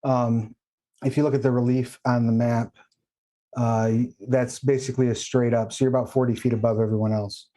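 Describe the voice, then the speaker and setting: Mellow-voiced man running a tabletop game. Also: mid-range voice, little pitch movement. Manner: measured, explains patiently. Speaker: game master.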